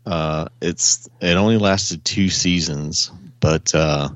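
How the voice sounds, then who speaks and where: Deep-voiced man rambling through a story. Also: slow, no room sound, dull audio. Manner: rambling animated storytelling with frequent chuckles. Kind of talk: casual chat. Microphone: remote call audio.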